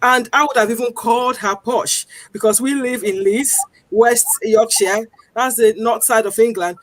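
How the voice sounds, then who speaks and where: A woman's voice: a little high, fairly even intonation, normal speed, dry recording. A woman speaking as a guest campaigner, earnest and persuasive, stressing her points and repeating them. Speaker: guest campaigner on accent discrimination. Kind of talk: earnest studio talk. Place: lives in northern England.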